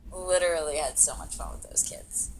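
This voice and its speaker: A woman's voice: low voice, moderate pace, darkish tone, a little hiss or hum, rough recording. A woman in her twenties telling a story casually, chatty and giggly, saying "like" a lot. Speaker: vlogger.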